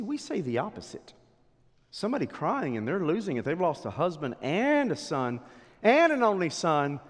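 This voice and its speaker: A pastor preaching a sermon, swinging from loud declarations to hushed whispers. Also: male voice, high-pitched. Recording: long hall reverb.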